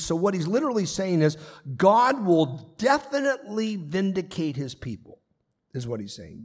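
A man pastor preaching a sermon, earnest and emphatic, repeating his points. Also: a little high. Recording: long reverb of a large hall.

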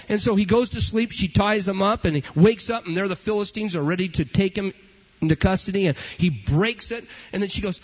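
A man's voice: high voice, brisk. A man preaching a sermon emphatically, driving his points home through repetition. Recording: dull lo-fi recording.

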